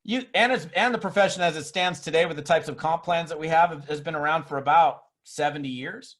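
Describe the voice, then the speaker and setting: A man with a fairly high voice delivers a motivational seminar talk. He is emphatic and lively. He mocks skeptics with put-on voices. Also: brisk. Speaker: network marketing speaker.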